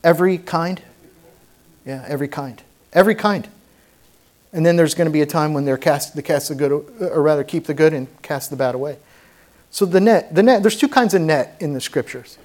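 High-voiced preacher, fervent. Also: male voice, normal speed, a little mellow. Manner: preaching with rising intensity, conversational asides. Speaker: pastor. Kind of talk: sermon. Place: church sanctuary.

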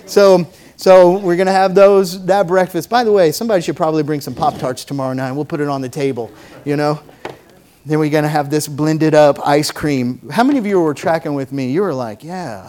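Middle-aged male preacher, high voice, chatty jokes that build into fervent sermon. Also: a little mellow. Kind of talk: sermon with object lesson.

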